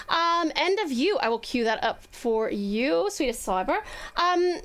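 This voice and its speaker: A woman's voice: high-pitched, lively intonation, a little slow, a bit bright. A woman with an Australian accent chatting casually on a live stream, bubbly and gushing with lots of fillers.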